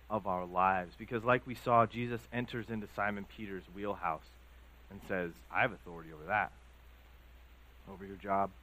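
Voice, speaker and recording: Male pastor, lowish voice, easygoing preaching with lots of ums and story asides. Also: a bit bright, rough recording. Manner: conversational storytelling, many fillers. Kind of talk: sermon.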